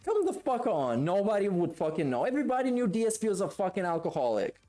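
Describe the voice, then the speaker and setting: A man's voice: sits high, big pitch swings, fast talker, mellow, faint music behind. Profane, mocking male streamer. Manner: profane, mocking, scornful rants. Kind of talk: live stream reaction commentary.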